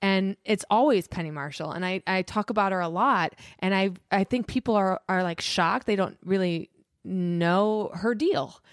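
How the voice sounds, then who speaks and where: A woman's voice: medium pitch, normal speed, no echo, studio quality. A woman in her forties, a podcast guest, talking casually and enthusiastically with many restarts and fillers.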